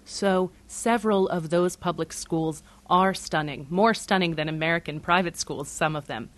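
A woman who directed a documentary, giving measured, thoughtful answers in an interview. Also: fairly low pitch.

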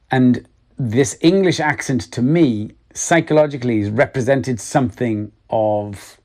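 A middle-aged Welsh man, an actor, giving reflective interview answers with many restarts. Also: mid-range voice. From Wales. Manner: halting, many restarts, soft laughs.

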